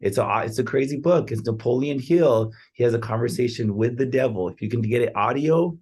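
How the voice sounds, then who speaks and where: A man's voice: medium pitch, a little fast, a little mellow, breathy edge. A man giving casual, earnest motivational talk on a podcast, rambling and often checking in with "right?". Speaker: podcast speaker on real estate and personal growth.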